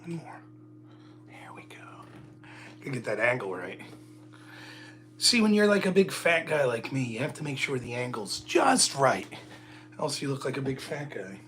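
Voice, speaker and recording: Bright-voiced man joking on a livestream. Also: medium pitch, lively intonation, normal speed, slight background noise. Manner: joking, rambling, self-mocking. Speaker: livestream host. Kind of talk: casual solo livestream chat.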